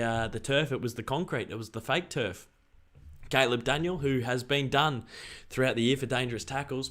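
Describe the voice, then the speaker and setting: A young Australian man chatting casually on a live stream, excitable and rambling. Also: mid-range voice.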